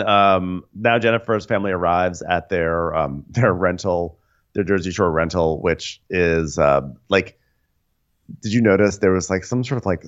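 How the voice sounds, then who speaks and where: A man co-hosting a comedy recap podcast in a very deep voice, rambling through scenes with many fillers and laughs. The recording sounds a bit dull and lo-fi. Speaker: podcast co-host.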